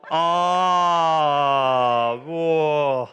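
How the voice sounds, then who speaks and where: Bright-voiced, jokey male preacher. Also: a little high, very slow, smooth. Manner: jokey, chatty, encouraging. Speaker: pastor. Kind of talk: sermon with playful reenactment.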